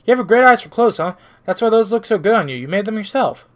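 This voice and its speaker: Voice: medium pitch, expressive, fast, pitched above the performer's own voice, lightly acted. A streamer voicing a cheerful, kind young female android girl while reading a visual novel aloud, eager and sweet. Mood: friendly.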